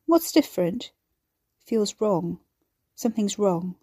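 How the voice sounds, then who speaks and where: A tipsy, emotional young woman in a storybook reading, with tearful, wobbly speech, as a woman acts her out. The voice is mellow and warm. The recording is dry and close. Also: mid-range voice, lively intonation, slow pace, slightly rough, no room sound. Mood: upset.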